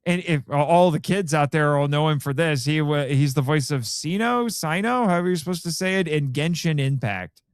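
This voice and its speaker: A chatty man with a smooth, clear voice, recorded close and dry. His voice sits a little high, and he rattles off names while checking his notes in a relaxed podcast chat. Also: a little fast, hardly any pauses, no echo. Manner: chatty, reads out cast names while looking things up. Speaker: podcast co-host. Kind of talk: casual podcast chat about films.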